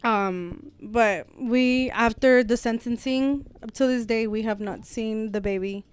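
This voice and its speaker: A woman's voice: a little high, a little slow, clear, resonant tone, no room sound. A young adult woman talking as a guest, telling a personal story frankly, swearing freely and mixing in Spanish phrases. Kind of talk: casual heartfelt storytelling.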